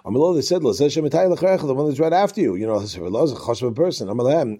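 Mellow-voiced man teaching a Talmud class. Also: mid-range voice, animated, racing, few pauses. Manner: reads Aramaic passages then explains them in casual English; conversational, with restarts and asides. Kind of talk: Talmud class, reading text and translating.

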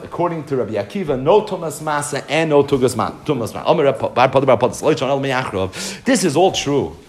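A man teaching a Talmud lesson, animatedly acting out the rabbis' exchanges and mixing Hebrew and Aramaic terms into English. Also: on the high side. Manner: animated, acts out the rabbis' dialogue.

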